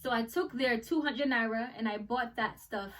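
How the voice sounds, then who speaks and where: A young American woman telling a travel story in a casual vlog, animated and acting out the people she met. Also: fairly high pitch, normal speed, far from the mic. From United States. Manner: animated, acts out voices in the story. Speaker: travel vlogger.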